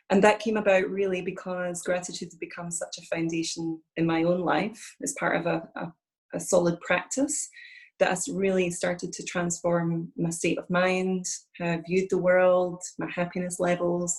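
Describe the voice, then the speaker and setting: A woman's voice: fairly low pitch, darkish tone, low-quality recording. A woman with a Scottish accent, a guest in a conversational interview, speaking earnestly and reflectively over a video call.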